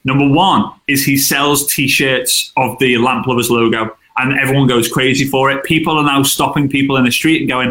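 A man, a guest in an interview, chatting casually and telling animated stories with acted-out quotes. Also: mid-range voice, normal speed, hardly any pauses. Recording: roomy echo.

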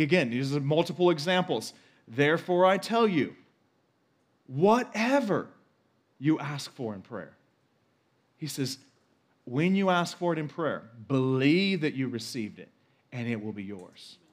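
A man in his forties preaching a sermon as pastor, emphatic and repeating key phrases for effect. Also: on the high side.

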